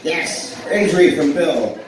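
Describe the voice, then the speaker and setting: A man's voice: a little high, lively intonation, measured pace, a little hiss or hum. A man in his forties doing live stand-up in a club, telling rambling, self-deprecating stories and riffing with the crowd. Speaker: stand-up comedian. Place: blues club stage with a live audience. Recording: echoey club heard from far off.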